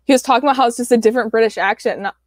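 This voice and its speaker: A bubbly young woman chatting on a podcast, her voice a touch higher than most. She laughs easily and leans on filler words, and the sound is close and dry. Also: very fast, no room sound. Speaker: podcast co-host. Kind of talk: casual chat.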